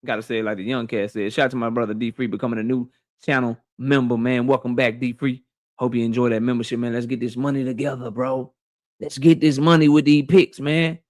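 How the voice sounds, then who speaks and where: A man's voice: fairly high pitch, dry recording, studio quality. A man hosting a boxing livestream, casually greeting chat members one by one in a slangy, playful way.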